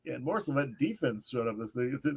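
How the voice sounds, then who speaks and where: A man on a casual sports podcast panel, halting and restarting his questions. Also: mid-range voice, expressive, crowd noise.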